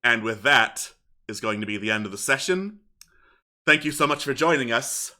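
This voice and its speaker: Male game master, very bright voice, narrates scenes, fills pauses with "uh". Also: mid-range voice, animated. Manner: descriptive narration with frequent fillers.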